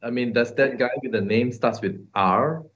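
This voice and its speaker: A man's voice: medium pitch, moderate pace. A man hosting a casual interview, chiming in with short prompts and agreement. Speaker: show host. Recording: muffled audio with crowd noise.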